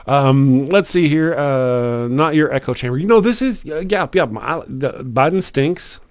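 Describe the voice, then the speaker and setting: A man hosting a live stream, reading chat comments out loud in a wry, chuckling, fast manner. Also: mid-range voice, clean tone. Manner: animated, chuckling, wry, quick after lots of coffee. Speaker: live-stream show host.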